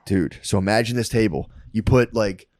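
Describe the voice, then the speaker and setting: Animated man telling a story, dry mic. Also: on the low side, normal speed, no echo. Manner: animated, says "dude" a lot, loud bursts when acting out. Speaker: podcast co-host. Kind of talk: casual comedic storytelling.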